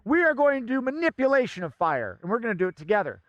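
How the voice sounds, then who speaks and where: A man's voice: extremely high pitch, very animated, quick pace, no room sound, highs cut off. Theatrical man doing comic fire patter. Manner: theatrical, bossy, bursts into shouting. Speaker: fire performer.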